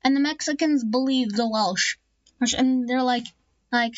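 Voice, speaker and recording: A woman's voice: high voice, measured pace, dry recording, highs cut off. A woman casually narrating an alternate-history map video, rambling with lots of fillers and restarts and throwing in jokey asides.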